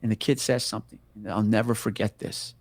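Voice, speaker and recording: A man's voice: fairly low pitch, a little fast, slightly rough, dry recording, studio quality. A middle-aged man, a police officer, telling a story in a casual interview with lots of swearing and acting out the voices of the people in it. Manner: profane, animated, acts out the voices of people in his story.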